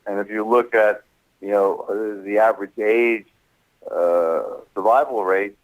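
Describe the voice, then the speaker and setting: A man speaking as a doctor guest in a radio interview, explaining in a measured way. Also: lowish voice, steady tone, narrow, tinny audio. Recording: radio broadcast sound.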